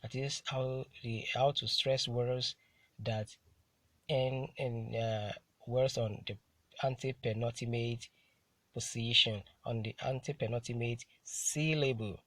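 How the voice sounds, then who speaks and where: A man teaching English word stress, saying each word slowly and repeating it for the learner to copy. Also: medium pitch, steady tone, fairly bright tone, dry recording. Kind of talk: slow drilled pronunciation lesson.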